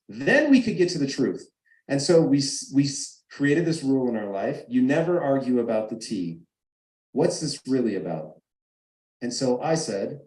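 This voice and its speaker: Over a video call, a man tells a personal story with emphasis, acting out the arguments he quotes. His voice is mid-range and a little mellow, and the rough recording picks up an echoey room.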